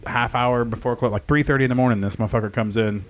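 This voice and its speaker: A man's voice: mid-range voice, quick pace. A man telling a bar story in casual chat, swearing freely and acting out the voices of the people in it. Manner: profane, animated storyteller acting out quotes.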